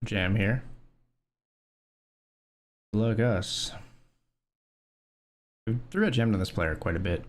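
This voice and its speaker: A man's voice: fairly low pitch, takes it slowly, pauses often. A man streaming poker, talking casually through hands in a rambling way, full of fillers and swearing. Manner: rambling, filler-heavy, profane; excitable when winning. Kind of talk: casual live-stream commentary.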